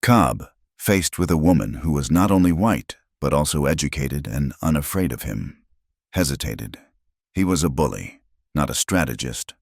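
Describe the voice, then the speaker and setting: A man narrating a story in a steady, measured scripted style. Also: very deep voice, gravelly, no echo, clean studio sound.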